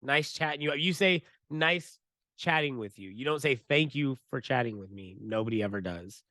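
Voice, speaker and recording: Animated, profane man telling a story. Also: mid-range voice, moderate pace, dry recording. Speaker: podcast co-host. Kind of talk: casual storytelling chat.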